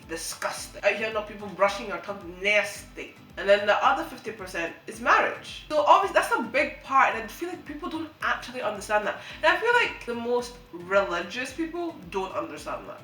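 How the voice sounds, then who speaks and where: A woman's voice: on the high side, sharp tone. A young woman vlogging in a casual, jokey chat to camera, ranting about her pet peeves and swearing now and then. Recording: echoey room with faint background music.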